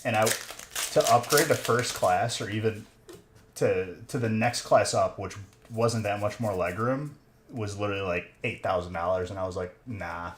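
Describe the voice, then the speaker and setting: A man's voice: fairly low pitch, normal speed. A young man hosting a livestream, chatting casually with viewers in a laid-back way, talking through a headset. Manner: laid-back, says "dude" and "bro" often. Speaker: livestream host of card box breaks. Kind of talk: casual chat with stream chat. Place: room in a collectibles shop. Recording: echoey room with faint noise.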